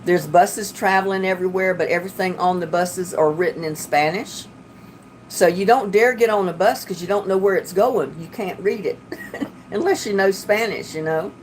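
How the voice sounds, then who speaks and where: A woman's voice: fairly low pitch, normal speed, slight background noise. A woman from North Carolina with a Southern accent, chatting casually and telling rambling stories as she hosts a livestream. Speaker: livestream host.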